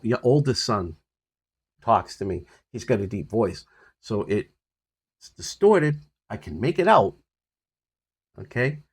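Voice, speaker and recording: An older man with a husky voice casually rambling about his health on a phone recording, full of fillers and restarts. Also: on the low side. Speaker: vlogger sharing his health journey. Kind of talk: casual personal update to camera.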